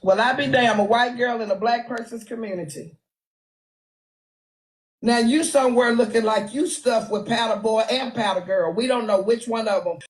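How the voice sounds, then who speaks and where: A woman's voice: fairly high pitch, moderate pace, poor audio. A woman with a Texan accent hosting a phone livestream, giving brash, sassy gossip commentary and calling people out. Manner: brash, trash-talking, sassy. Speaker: livestream host. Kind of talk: casual live-stream gossip commentary.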